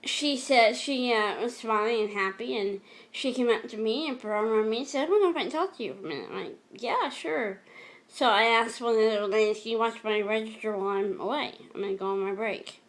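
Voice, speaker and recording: A middle-aged woman telling a personal story in a vlog, emotional and halting, often repeating and restarting her words. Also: fairly high pitch. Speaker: vlogger.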